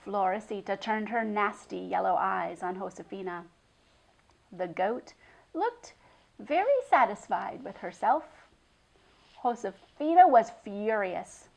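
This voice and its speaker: A woman reading a children's chapter book aloud, expressive, with hushed drops for suspense. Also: medium pitch, slow, vocal fry, low-quality recording. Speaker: storyteller.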